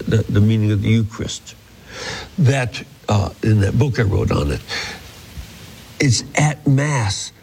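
A man teaching a Bible passage, reading verses slowly and then explaining them earnestly. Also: mid-range voice, darkish tone, breathy edge, rough recording. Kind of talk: scripture teaching.

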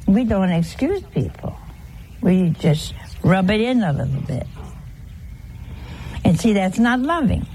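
A woman's voice: medium pitch, big pitch swings, measured pace, long pauses, warm tone, a little hiss or hum, rough recording. A woman giving a homely, conversational sermon, teasing her listeners with rhetorical questions. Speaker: religious teacher.

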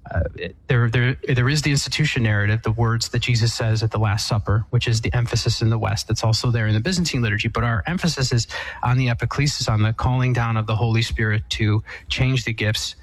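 A man, a priest, answering a call-in question in a thoughtful, measured way with frequent fillers and restarts. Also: mid-range voice, no echo, rough recording. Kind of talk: radio call-in explanation.

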